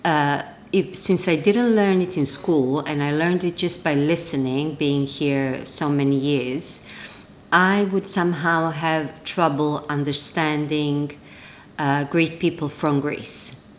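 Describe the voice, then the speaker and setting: Low-voiced woman chatting to camera. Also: fairly even intonation, slow, slight background noise. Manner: chatty, rambling with restarts. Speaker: vlogger. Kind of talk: casual chat to camera. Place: home.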